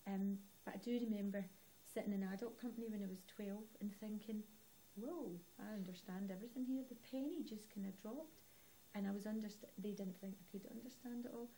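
A woman's voice: medium pitch, a little fast, few pauses, warm tone, a little hiss or hum, low-quality recording. A woman from the west of Scotland with a Scottish accent, telling stories in a casual interview, rambling with lots of "you know". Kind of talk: casual oral-history interview.

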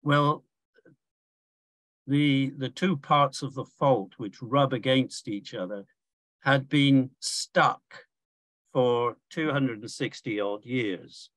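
An older man giving a measured academic lecture from slides, pausing often with fillers and restarts. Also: medium pitch, a bit bright, dry recording.

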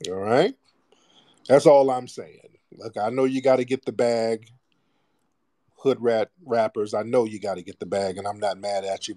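A man's voice: on the low side, mellow, dry recording. A man hosting a call-in show, speaking in a blunt, profane and preachy manner in a casual monologue.

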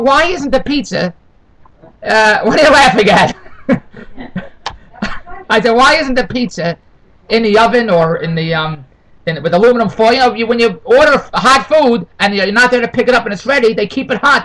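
High, fast-talking complaining man. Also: fairly bright tone, low-quality recording. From Toronto. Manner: complaining, digressive, repeats himself. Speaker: vlogger. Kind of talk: rambling comic monologue.

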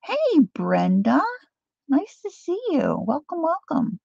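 A middle-aged woman hosting a crafting livestream, chatting warmly to viewers while she works. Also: high voice, huge pitch swings, slow, creaky, dry recording, muffled recording.

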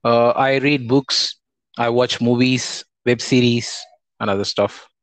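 A man's voice: medium pitch, steady tone, takes it slowly, no echo, rough recording. A man learning English on a video call, giving short, hesitant replies. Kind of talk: online lesson, repeating after tutor.

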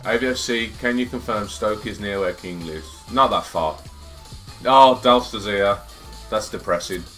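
A man streams a football game live and jokes with his viewers in a lower voice. He is excitable and swears freely. Loud game music plays behind him. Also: a little slow. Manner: excitable, swearing banter with chat. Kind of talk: casual live-stream chat.

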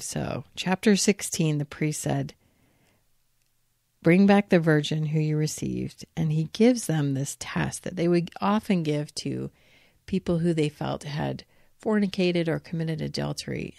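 A woman's voice: low voice, vocal fry, dark tone, no echo, studio quality. A woman podcast host reading an old religious text aloud and reflecting on it, lifting her voice for quoted lines. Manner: reflective, reads quoted lines with lifted emphasis. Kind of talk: reading and commenting on scripture.

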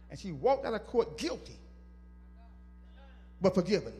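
A man's voice: sits high, very animated, unhurried, pauses often, mellow, big-room sound, faint music behind. A man preaching a sermon as pastor, working call-and-response with his congregation and teasing them to respond. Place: church sanctuary.

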